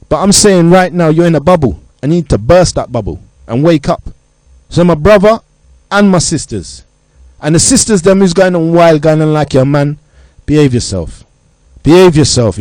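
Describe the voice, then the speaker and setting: A man's voice: a little high, a little mellow, no echo. Man middle-aged host, preachy and blunt, raised voice, dry close sound. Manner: preachy, blunt, lecturing in street slang. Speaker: show host addressing youth. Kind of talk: impassioned monologue.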